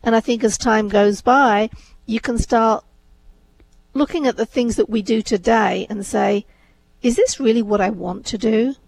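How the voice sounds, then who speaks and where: Brief: woman, co-host, chatty and thoughtful, gravelly voice. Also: on the high side, a little slow, a little mellow, slight background noise, low-quality recording. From England. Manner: thoughtful, chatty with many fillers. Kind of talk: casual discussion.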